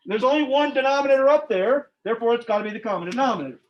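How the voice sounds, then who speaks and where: Rapid-fire and very high-voiced, this male math teacher runs through algebra problems with his class. His manner is casual and playful, and he keeps quizzing the students. Sound quality is dull and lo-fi, typical of a classroom recording.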